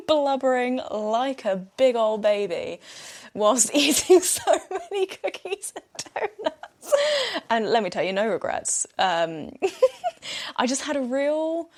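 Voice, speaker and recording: Giggly chatty woman podcaster. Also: mid-range voice. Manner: chatty and giggly, breaks into laughter. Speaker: podcast host. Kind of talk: casual solo podcast chat.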